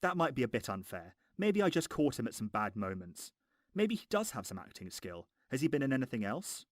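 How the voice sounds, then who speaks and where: A man's voice: mid-range voice, big pitch swings, brisk, dry recording, studio quality. A man with a posh Home Counties English accent, narrating a sarcastic, sweary film review.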